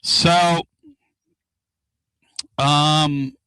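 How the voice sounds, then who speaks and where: A man hosting a casual radio talk show from inside a moving car, excitable and rambling. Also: a little high, drawn-out words, smooth, no room sound. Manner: excitable, rambling and loud-mouthed.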